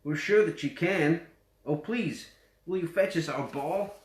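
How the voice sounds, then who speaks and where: A man's voice: on the high side, a little slow, pitched above the performer's own voice, lightly acted. A man with a West Yorkshire accent putting on a raised voice for a group of pleading young children in a storybook. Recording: roomy echo.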